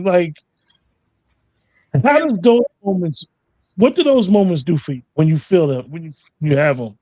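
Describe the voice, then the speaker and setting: A man's voice: a little high, expressive, normal speed, dark tone, dry recording. A man hosting a conversation, asking rambling questions that restart several times. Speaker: host. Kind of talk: interview questions.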